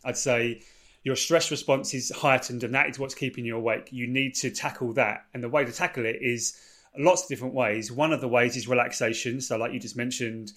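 A man's voice: medium pitch, fairly bright tone. A man, a sleep expert explaining things at length in a casual podcast chat, restating points as he goes. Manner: explanatory, repeats and rephrases points.

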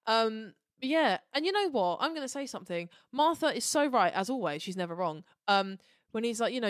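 Woman, podcast co-host, animated, swears, acts out lines, dry close sound. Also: on the high side, moderate pace, no room sound. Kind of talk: casual chat.

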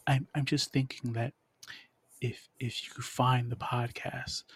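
A man's voice: medium pitch, little pitch movement, slow pace, husky. A man hosting a podcast, chatting casually with a rambling, stammering manner full of restarts. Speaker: podcast host. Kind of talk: casual chat.

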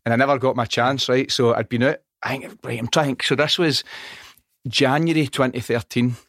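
Scottish man telling a lively story. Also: mid-range voice, moderate pace, dry recording, studio quality. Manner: animated storyteller, swears freely, acts out dialogue. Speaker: podcast guest. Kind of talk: casual chat. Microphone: studio microphone.

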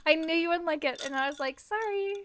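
A woman's voice: high voice, steady tone, fast talker, crowd noise. A young woman co-hosting a casual book-chat podcast, blunt, sweary and enthusiastic. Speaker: podcast co-host. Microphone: headphones and desk mic.

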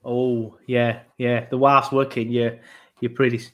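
A man's voice: medium pitch, flat delivery, unhurried, dull audio. A man hosting a football podcast, talking casually and rambling with plenty of fillers. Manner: chatty, rambling, lots of fillers. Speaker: podcast host.

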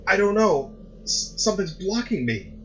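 A man's voice: sits high, sing-song, moderate pace, fairly bright tone, muffled recording, a little hiss or hum, pitched above the performer's own voice. A man voicing a frantic, weeping young man who stammers and pleads in a raised, strained voice. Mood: panicked.

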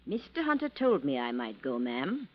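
An actress playing a deferential, loyal housemaid in 1940s radio acting. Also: female voice, extremely low pitch, very animated, moderate pace, muffled recording, full character voice. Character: loyal, watchful older housemaid.

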